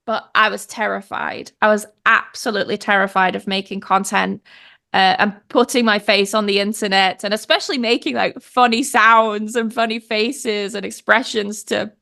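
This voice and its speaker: A woman's voice: mid-range voice, vocal fry. A woman in her thirties with a British English accent, a pronunciation teacher telling stories as a guest in a casual conversation, laughing often and acting out what people said. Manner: animated storytelling, laughs often, acts out quotes.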